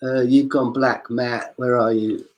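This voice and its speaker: A man's voice: mid-range voice, little pitch movement, unhurried, a little mellow, muffled recording. A man on a video call, a street performer talking through his career in a chatty, digressive way. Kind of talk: casual video-call interview.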